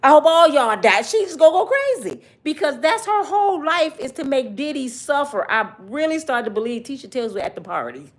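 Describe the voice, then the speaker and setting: A woman's voice: high-pitched, very animated, fairly quick, hardly any pauses. A woman doing casual comedic commentary, joking and cussing as she talks to her viewers. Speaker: YouTube commentator.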